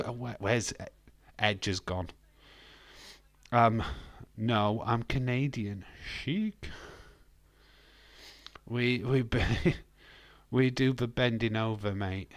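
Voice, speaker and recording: A man hosting a live stream, working through the chat with laughing, sweary banter. He talks at an unhurried, drawn-out pace, and his voice comes across close and dry with no room echo. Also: lowish voice.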